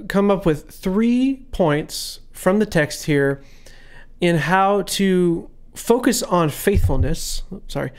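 A man giving a casual Bible devotional, talking through points conversationally with frequent fillers and reading scripture aloud. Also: fairly high pitch. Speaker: devotional speaker.

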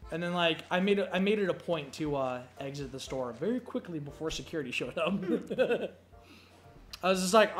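A man's voice: on the high side, lively intonation, moderate pace. A young man hosting a gameplay video, rambling through casual, profane stories with lots of fillers. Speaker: gameplay commentary host. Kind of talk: casual storytelling chat. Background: faint game music.

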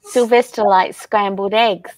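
A woman hosting a casual craft livestream, reading viewer comments aloud in an unhurried, chatty way and laughing often. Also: medium pitch, fairly even intonation, no echo.

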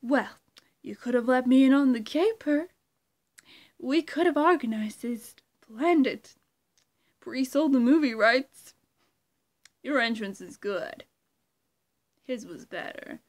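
A woman doing an impression of a theatrical male riddling supervillain, smug and unhinged, hammy and drawn-out. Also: sits high, expressive. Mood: gloating.

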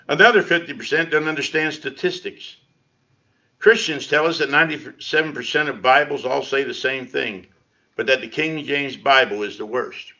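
A man's voice: medium pitch, measured pace, long pauses, bright, forceful tone. A man preaching a sermon as pastor in his church, talking in a conversational way with sarcastic asides. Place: church sanctuary. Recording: lo-fi livestream audio.

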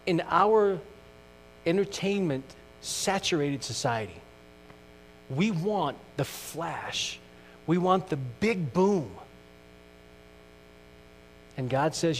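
A middle-aged male pastor preaching a sermon, earnest, moving from loud emphasis to hushed questions. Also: fairly high pitch, lively intonation, extremely slow, pauses often. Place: church sanctuary. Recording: distant mic in a reverberant church with mains hum.

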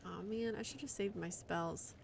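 A woman's voice: mid-range voice, moderate pace, gravelly, a little hiss or hum. A woman streaming live gameplay commentary, muttering and swearing in frustration at the game as she plays.

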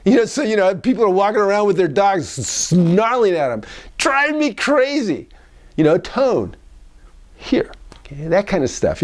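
Male therapist, animated talker who mimics tones and repeats his points, high-pitched voice. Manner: animated, acts out tones of voice, repeats key phrases. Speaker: psychologist. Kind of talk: casual advice monologue.

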